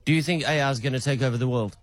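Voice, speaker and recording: A man's voice: medium pitch, racing, no room sound. Man, caller probing an AI agent, casual and teasing, dry close sound. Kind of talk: casual playful questioning.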